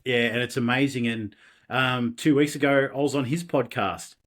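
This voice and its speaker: Australian man, podcast guest, casual storytelling, animated, laughing, restarts. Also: medium pitch, normal speed. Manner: animated, laughing, self-deprecating, many restarts.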